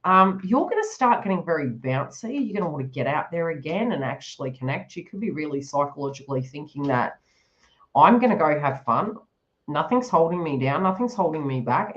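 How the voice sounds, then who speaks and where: A woman with a low voice gives a tarot reading on a live stream, and the audio sounds dull. She's chatty and giggly, often voicing the listener's inner thoughts in quoted asides.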